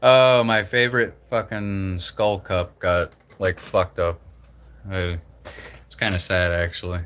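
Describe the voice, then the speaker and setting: Young man, very low voice, slight Southern drawl, loose profane livestream chatter. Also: level tone, slow, fairly bright tone, slight background noise. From Southern United States. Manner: rambling, profane, laid-back. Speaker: livestream host. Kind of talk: casual livestream chat.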